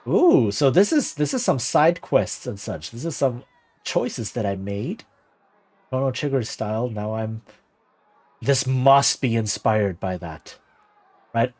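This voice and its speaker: A male streamer talks casually over his game, chatty and quick to laugh. His voice sits at an ordinary middle pitch. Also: big pitch swings, a little mellow.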